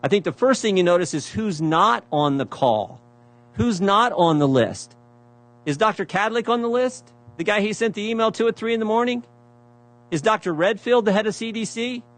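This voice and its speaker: A man's voice: high-pitched, expressive, moderate pace, a bit bright. A man giving a prepared speech at a hearing, reading out emails, repeating phrases for emphasis and asking pointed rhetorical questions. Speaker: speaker presenting evidence at a hearing.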